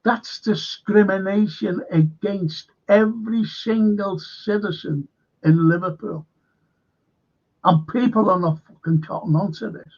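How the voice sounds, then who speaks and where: A man's voice: high voice, unhurried, darkish tone, lo-fi sound. A man hosting a stream, rambling and indignant with heavy swearing. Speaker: host.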